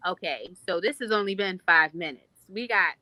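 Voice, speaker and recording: Bright-voiced woman sharing a heartfelt story. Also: lowish voice, normal speed, no echo, poor audio. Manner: heartfelt, reflective, speaks in long flowing runs. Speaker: podcast guest. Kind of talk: personal testimony in a podcast interview.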